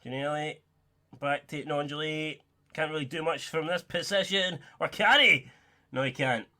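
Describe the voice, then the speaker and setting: A young man giving excitable, sweary, joking play-by-play commentary while playing a football video game. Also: fairly high pitch, normal speed. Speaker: gaming YouTuber.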